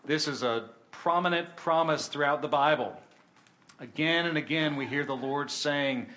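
A man preaching a sermon in an earnest voice, his pitch and force climbing on the points he stresses. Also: normal speed, sharp tone. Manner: earnest, rising in intensity on key points.

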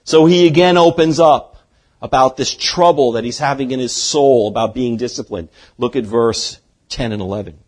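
A pastor delivers an expository sermon in a medium-pitched voice at a moderate pace. He is earnest, dropping from loud to hushed for emphasis.

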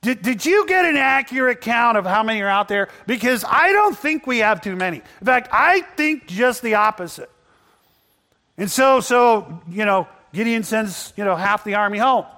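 A male pastor with a rather high voice delivers a lively sermon in a church. He tells his stories with animation, acting out the characters as he goes. His delivery swings between loud, excited stretches and soft, hushed ones. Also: moderate pace, long reverb tail. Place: church building before a congregation.

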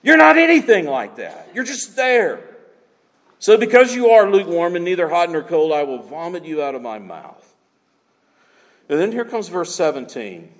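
A man preaching in a high, animated voice that leaps and dips from phrase to phrase. He leans on single words and repeats them for weight. A long hall reverb trails behind him. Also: normal speed. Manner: emphatic preaching, repeats key words for effect. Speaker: pastor. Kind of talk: sermon.

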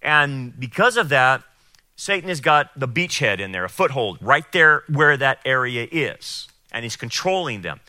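A man preaching and teaching the Bible, emphatic, acting out quotes in a raised voice and then explaining calmly. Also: mid-range voice, normal speed, no echo, studio quality. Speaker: pastor.

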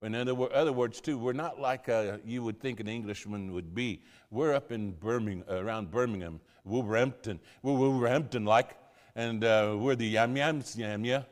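A man's voice: fairly low pitch, moderate pace. An older American man, a missionary pastor, telling stories in a sermon style, rambling with many fillers and repeated words. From United States. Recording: long hall reverb.

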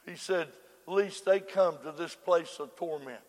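A man preaching a hellfire sermon, dropping to hushed murmurs and then breaking into fervent shouts. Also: on the high side, a little slow. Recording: long reverb of a large hall.

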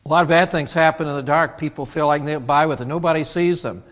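A man's voice: a little high, fast talker. A man preaching a sermon as pastor, telling folksy stories and acting out other people's lines, originally from Indiana. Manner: folksy storytelling with animated quoted voices. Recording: church sanctuary with long reverb.

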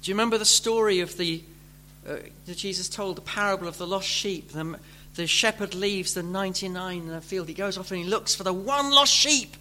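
A man preaching a sermon, building from gentle explanation to fervent, pleading emphasis. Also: sits high, fairly quick.

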